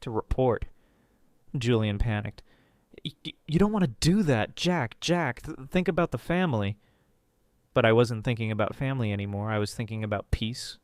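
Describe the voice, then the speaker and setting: A man's voice: medium pitch, smooth, no echo, studio quality. A man narrating a first-person drama story, reading dramatically and jumping into characters' voices.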